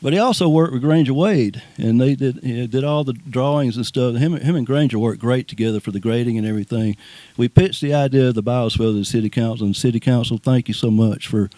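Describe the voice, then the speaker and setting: A man's voice: medium pitch, a little fast, mellow, no room sound. A man giving a rambling, folksy speech of thanks outdoors, often repeating words and restarting. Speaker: speaker at a ribbon cutting. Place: outdoors at a nature preserve.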